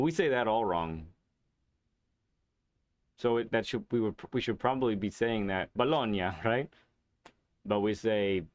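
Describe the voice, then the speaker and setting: A laid-back man hosts a live game stream, answering chat in a loose, meandering way with plenty of fillers and soft chuckles. His voice sits somewhat low. The sound is close and dry, with no room around it. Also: no echo. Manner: relaxed and rambling, with many fillers and chuckles.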